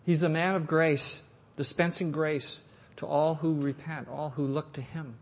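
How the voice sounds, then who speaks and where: A man's voice: fairly high pitch, steady tone, unhurried. Earnest man preaching in an echoing hall. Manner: earnest, rising to emphatic phrases then dropping soft. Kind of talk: sermon reading and expounding scripture. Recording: echoey hall with long reverb.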